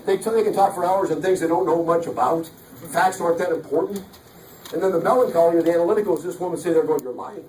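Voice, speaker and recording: A man giving an energetic, joking motivational talk at a live sales event, often acting out voices. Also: a little high, fast, a little hiss or hum. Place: large hall. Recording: echoey hall from far off.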